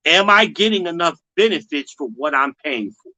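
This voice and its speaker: A man hosting a casual commentary livestream, blunt and slangy, talking straight to his viewers and mocking others in high put-on voices. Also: animated, moderate pace, pushed and bright, rough recording. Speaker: host.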